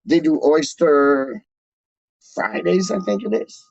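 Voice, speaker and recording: A man's voice: on the high side, slow, creaky, slight background noise. A man hosting a casual live stream, rambling in slangy talk full of filler words as he reads out chat messages. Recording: dull lo-fi dry recording.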